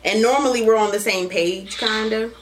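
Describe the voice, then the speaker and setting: A woman's voice: on the high side, moderate pace. Profane, laughing woman host. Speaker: podcast host. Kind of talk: casual chat.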